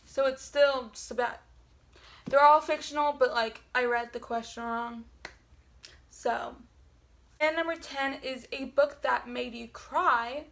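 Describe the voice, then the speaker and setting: High, creaky-voiced young-sounding woman. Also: fairly even intonation, slow pace, a bit bright. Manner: rambling, full of "like" fillers and self-corrections. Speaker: book vlogger. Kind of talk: casual chat.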